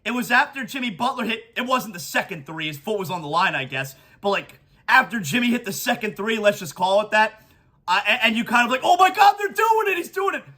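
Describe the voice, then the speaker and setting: High, bright-voiced excited sports podcast host. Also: male voice, brisk. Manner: emotional, gushing, stammering restarts. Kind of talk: excited sports talk monologue.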